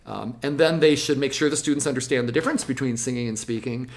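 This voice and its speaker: Music teacher explaining lessons, lively, acts out the classroom bits. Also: medium pitch, fast talker. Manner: lively, switches into acted classroom voices. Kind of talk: explanatory interview talk.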